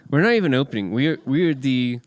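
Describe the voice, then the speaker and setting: A man guesting on a podcast as a music producer and DJ, chatting casually in an excitable, rambling way, full of fillers and swearing. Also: medium pitch, a little fast, no room sound, studio quality.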